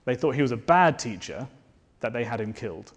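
A man's voice: medium pitch, very animated, brisk. A man preaching a sermon, earnest and fervent, asking the listeners rhetorical questions. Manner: earnest, rising to fervent declarations.

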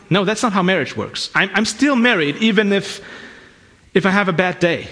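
Male preacher, high-pitched voice, husky tone, earnest conversational sermon, frequent restarts. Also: expressive, moderate pace, sharp tone.

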